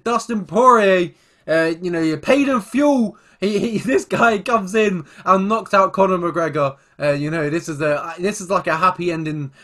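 A man co-hosting a casual fight recap podcast, rambling with lots of fillers and sudden excited bursts. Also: on the high side. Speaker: podcast co-host.

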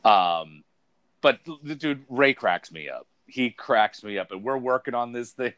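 A man telling a rambling, animated story in casual conversation, full of fillers. His voice sits in a middle register, and the recording is dry and close. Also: medium pitch, unhurried, dry recording. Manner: animated storyteller, heavy fillers, says dude. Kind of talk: casual chat.

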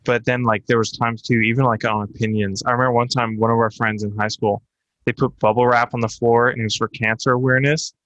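A man's voice: mid-range voice, level tone, fast talker, a bit bright, no room sound, highs cut off. A young man co-hosting a podcast, telling personal stories in a candid, rambling casual chat with lots of fillers. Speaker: podcast co-host.

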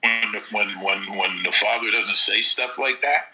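A man's voice: on the low side, measured pace, bright, forceful tone, faint music behind, low-quality recording. A middle-aged man co-hosting a podcast, chatting casually and reacting with short remarks. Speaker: podcast co-host. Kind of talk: casual chat.

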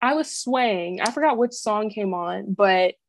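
A young woman co-hosting a podcast tells a story in casual chat, leaning heavily on "like" and acting out the quotes. Her mid-range voice has lively intonation and a slightly slow pace, with a little hiss or hum in the recording.

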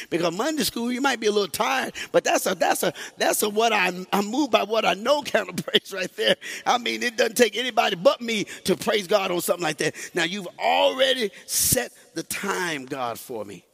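A male pastor preaching a sermon, moving from quiet, slow talk to shouted, sing-song exhortation and calling on the congregation to answer. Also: sits high, gravelly, husky. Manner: calls on the congregation to respond.

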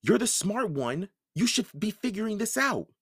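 A man's voice: high-pitched, big pitch swings, normal speed, fairly bright tone, breathy edge, dry recording, voice pushed up, exaggerated voice. A puzzled young boy questions things in a lifted, searching tone, as a man reading a storybook puts him on. The voice sits close and dry.

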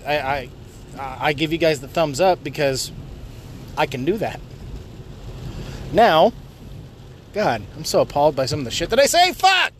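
A man with a high, very lively voice rants hard from behind the wheel, cursing freely and breaking off to shout at other drivers. His pitch leaps all over as he gets worked up. A faint road noise hums under the recording from inside the car. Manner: swears constantly, yells at other drivers. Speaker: vlogger ranting while driving. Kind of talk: profane driving rant. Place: inside a car while driving.

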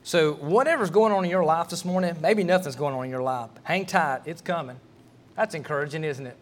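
Male pastor, middle-aged, fairly high voice, homespun storyteller who stumbles and restarts mid-sentence. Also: a little fast. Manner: folksy, storytelling, repeats words as he restarts. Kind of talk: sermon.

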